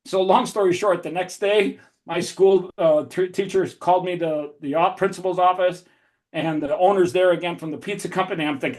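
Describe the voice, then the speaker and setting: A man telling animated business anecdotes as an interview guest, energetic and full of quick restarts. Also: sits high. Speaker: entrepreneur guest. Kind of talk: storytelling podcast interview.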